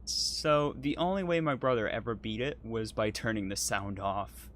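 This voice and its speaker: A man's voice: mid-range voice, normal speed, a bit bright, slight background noise. Hesitant man in casual chat. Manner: hesitant, many ums, apologetic and laughing. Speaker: podcast co-host playing a driving game.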